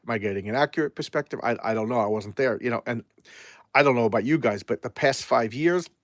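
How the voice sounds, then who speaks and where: A man's voice: mid-range voice, quick pace, no room sound, clean studio sound. A man reviewing comic books in a casual live chat, rambling and often repeating and restarting his words.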